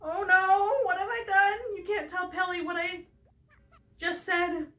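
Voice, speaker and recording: A woman's voice: extremely high pitch, fairly even intonation, measured pace, pushed and bright, voice pushed up, exaggerated voice. A woman voicing a bossy, judgmental older sister pelican with a put-on accent, tart and grumbly. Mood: threatening.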